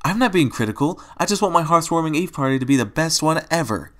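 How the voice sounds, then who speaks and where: A man voicing a bubbly female party pony who turns bossy and then tearful, in a high put-on girlish voice. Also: expressive, fast talker, fairly bright tone.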